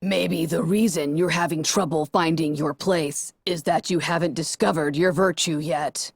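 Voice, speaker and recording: Woman voicing a low, calm voice from a robot orb. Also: normal speed, creaky, slightly rough, no room sound, exaggerated voice. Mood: lecturing. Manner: calm, lecturing, slightly hesitant. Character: disembodied voice speaking through a flying robot orb.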